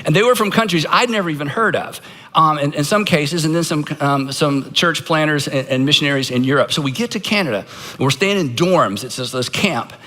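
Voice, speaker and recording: Bright, high-voiced pastor. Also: male voice, fairly quick. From Georgia, United States. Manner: earnest storytelling with self-deprecating asides. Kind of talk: conversational sermon.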